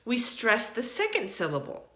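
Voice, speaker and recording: A woman teaching English pronunciation in an online lesson, encouraging and repeating words slowly to model them. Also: a little high, huge pitch swings, fairly bright tone, roomy sound.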